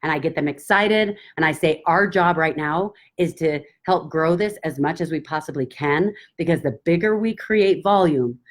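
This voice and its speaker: A woman business mentor giving casual coaching advice, enthusiastic and animated, acting out excited quotes and gasps. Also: sits low, moderate pace, hardly any pauses.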